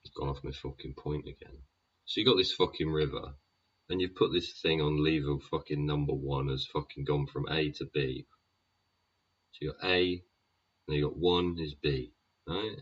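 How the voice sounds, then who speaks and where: Deep-voiced man host, husky, swears constantly, tag questions, dull lo-fi sound. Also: fairly bright tone. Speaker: podcast host. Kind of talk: sweary rambling monologue. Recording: dull lo-fi recording.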